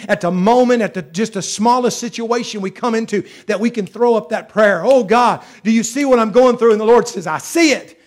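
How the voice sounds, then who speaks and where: A man with a high voice preaches a sermon. He drives his points home by repeating phrases. He drops to a hush, then climbs back up to a loud pitch. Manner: emphatic, repeats phrases, swings loud and soft.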